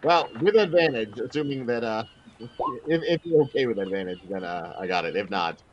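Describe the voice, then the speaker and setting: A man at a tabletop game talks politely in character, halting and hesitant, his mid-pitched voice moving in a lively way. The sound comes through a slightly dull, lo-fi mic. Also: a little hiss or hum. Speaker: player. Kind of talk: tabletop role-play in character.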